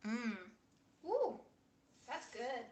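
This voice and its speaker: A woman's voice: fairly high pitch, big pitch swings, extremely slow, a little mellow. A woman hosting a casual cooking livestream from a small home kitchen, blunt and playful as she talks.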